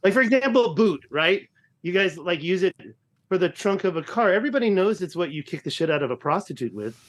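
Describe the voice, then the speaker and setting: A man in his fifties with a slightly raised pitch, talking loosely as a podcast guest. He rambles and jokes at his own expense, restarting sentences as he goes. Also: expressive, a little fast, a bit bright. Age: 50s. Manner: joking, rambling, self-deprecating. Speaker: guest explorer and researcher. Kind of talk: casual podcast chat.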